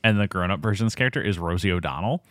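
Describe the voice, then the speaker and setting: A man's voice: sits low, rapid-fire, a bit bright, no echo, clean studio sound. A man hosting a casual film podcast, rambling and enthusiastic, laughing often. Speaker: podcast host.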